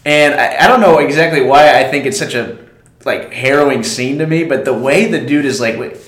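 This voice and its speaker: A man's voice: medium pitch, fairly quick, a bit bright. A man co-hosting a casual movie podcast, talking in a laid-back way with casual slang like "dude" and "man". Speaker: podcast co-host. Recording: roomy echo.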